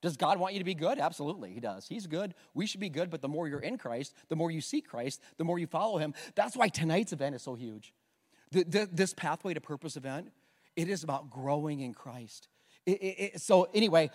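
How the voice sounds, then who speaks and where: A man in his thirties preaching a sermon as a pastor, earnest and emotional, swinging from loud to hushed. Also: sits high, lively intonation, fast, in a large hall. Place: church sanctuary.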